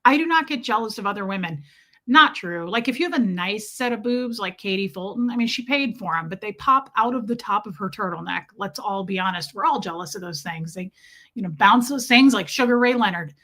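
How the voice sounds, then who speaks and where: A woman's voice: mid-range voice, lively intonation, fairly quick, sharp tone. A woman in her forties with an American accent, hosting a live stream in a chatty, sarcastic way and reading out viewer comments. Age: 40s. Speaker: livestream host.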